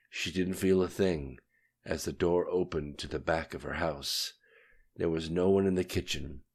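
A man narrates an audiobook in a very low voice. His reading is steady and even. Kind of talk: scripted narration.

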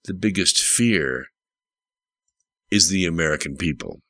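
Guy voicing a blunt old-school general in an audiobook, slow and deep. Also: lively intonation, a bit bright, no echo, full character voice. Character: stern battle-hardened male general, blunt.

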